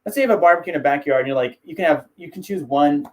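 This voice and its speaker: Male host, casual rambling fight talk, a bit high-pitched, laughs a lot, slips into impressions. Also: racing. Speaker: MMA video host.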